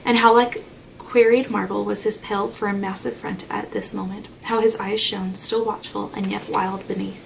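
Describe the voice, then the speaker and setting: A woman reads a classic novel aloud in a measured, expressive style. Her medium-pitched voice has a gravelly creak. The mic sits a little distant, with faint noise in the background. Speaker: audiobook narrator.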